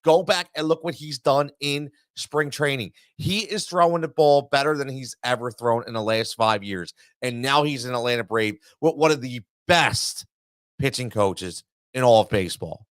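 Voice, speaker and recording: On a sports talk show, the male host launches into an exasperated rant, repeating himself and stammering through restarts. His mid-range voice has a fairly bright tone and moderate pace, captured in a dry, clean studio recording.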